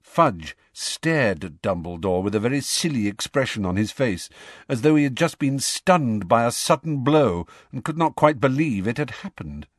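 An audiobook reader with a mid-range voice narrates a storybook expressively at a moderate pace. The clean studio recording has no room sound.

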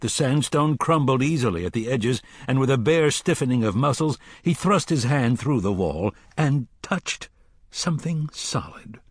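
A male audiobook narrator with a husky, slightly grainy voice, reading at a measured pace that slows for suspense. The recording is close and dry, with no room echo. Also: mid-range voice. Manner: measured, slowing for tension.

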